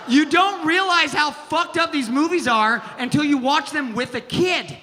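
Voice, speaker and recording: A man doing a brash, profane stand-up comedy set on a theater stage, shouting his punchlines. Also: very high-pitched, measured pace, few pauses. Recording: live theater with reverb and audience noise.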